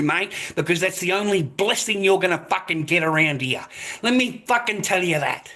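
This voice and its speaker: An older Australian man ranting in a profane monologue, aggressive and swearing constantly with loud outbursts. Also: on the high side, expressive, measured pace. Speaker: vlogger.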